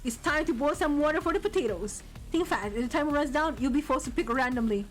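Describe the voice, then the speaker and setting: A woman VTuber streaming a game, reading its text aloud and bursting into loud outcries and laughter. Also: sits high, animated, quick pace, soft background music.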